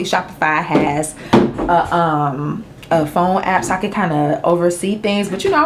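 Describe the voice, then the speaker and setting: A woman's voice: medium pitch, background noise. A woman in her thirties, chatting candidly at home to camera about her business launch with a Southern-style casual way of talking. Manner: chatty and candid, Southern slang, emotional and grateful. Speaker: small business owner vlogging a product launch. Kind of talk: casual vlog chat to camera.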